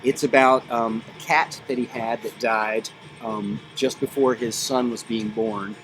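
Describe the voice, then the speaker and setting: A man being interviewed as a band member, talking in a relaxed, casual way with many ums and uhs. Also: medium pitch, unhurried, poor audio. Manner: relaxed, filler-heavy, thinking aloud. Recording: loud music in the background.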